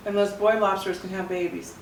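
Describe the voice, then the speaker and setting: A woman's voice: medium pitch, little pitch movement, fairly quick, reverberant, distant mic, a little hiss or hum, low-quality recording. A woman hosting a casual lunch chat, exclaiming and giggling, who is recovering from a cough. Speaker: channel host. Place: home dining table.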